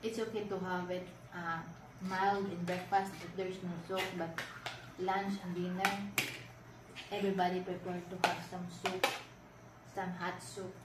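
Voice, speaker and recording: A woman's voice: lowish voice, little pitch movement, unhurried, background noise. Filipino-accented woman, chatty and insistent. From Philippines. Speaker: vlog host and wife. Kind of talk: casual dinner-table chat. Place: home dining table. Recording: echoey room, mic at a distance, dinner clatter.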